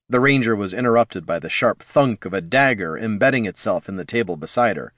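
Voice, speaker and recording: A man's voice: lowish voice, brisk, hardly any pauses, dry recording. Man narrating a fantasy story, dry. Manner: steady, storytelling delivery.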